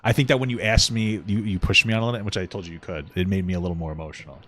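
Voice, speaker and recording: A man's voice: low voice, fairly even intonation, rapid-fire, fairly bright tone, no room sound. A man co-hosting a podcast, talking casually and in a rambling, reflective way about something that moved him. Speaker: podcast co-host. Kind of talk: casual chat.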